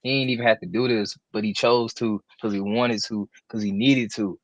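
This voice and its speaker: A man's voice: on the low side, steady tone, normal speed, dry recording, dull audio. A man co-hosting a live wrestling podcast, talking with boastful, playful trash talk. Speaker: podcast co-host. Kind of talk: casual live podcast chat.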